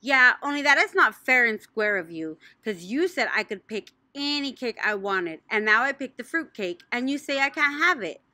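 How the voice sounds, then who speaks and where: An excitable, bossy little girl shrieks and squeals, her voice soaring very high and bouncing all over with a bright, sharp edge, as a woman reading a storybook puts her on. Dry, close sound. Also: moderate pace, hardly any pauses, dry recording. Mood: pushy. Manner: loud, squealing, childlike exclamations. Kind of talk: audiobook reading.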